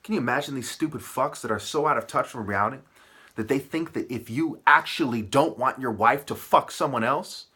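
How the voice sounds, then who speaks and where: A man's voice: on the high side, sharp tone, husky. Profane ranting man. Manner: aggressive, profane, rambling with rhetorical questions. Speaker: vlogger.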